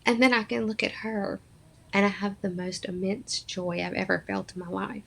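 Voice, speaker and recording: Gravelly-voiced woman sharing an emotional story. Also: medium pitch, steady tone, moderate pace, a bit bright. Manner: earnest, emotional storytelling with acted-out quotes. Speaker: podcast guest. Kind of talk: personal storytelling in a podcast interview.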